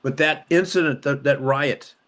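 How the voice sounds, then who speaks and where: A slightly high, somewhat bright male voice with fairly even intonation belongs to an older man from Los Angeles, a former police officer and city councilman. Telling his story at a moderate pace, he repeats himself emphatically with strong emotion, his voice rising and dropping sharply.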